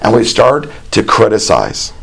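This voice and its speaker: A man preaching a sermon in a folksy, conversational way, with plain asides and imagined dialogue. He reads scripture aloud in a raised, more animated voice. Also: fairly low pitch, measured pace, creaky, husky.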